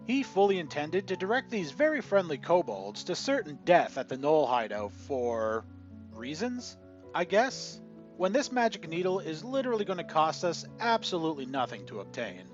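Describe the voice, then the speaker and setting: A man narrating a scripted tabletop gaming story in an animated storytelling manner. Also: on the high side, normal speed. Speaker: channel narrator. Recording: dull lo-fi audio with faint music.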